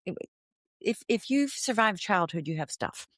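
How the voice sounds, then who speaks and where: A woman therapist guesting on a podcast, explaining ideas in an animated way, laughing often and acting out inner thoughts. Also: medium pitch, normal speed, no room sound, studio quality.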